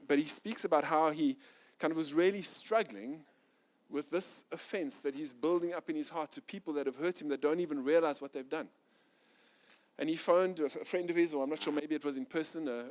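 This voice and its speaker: A middle-aged man delivering a sermon in a fairly high voice. He is animated and expressive, climbing to loud, intense stretches and falling back to soft, reflective tones. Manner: animated preacher, rising loud and fast when intense, dropping soft and low. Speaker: pastor.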